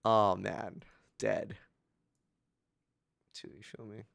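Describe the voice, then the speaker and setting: A man from Hawaii, co-hosting a casual chat in a relaxed, joking way. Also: fairly low pitch, very slow, vocal fry, dry recording. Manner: laid-back, says dude a lot, laughs easily. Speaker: podcast co-host.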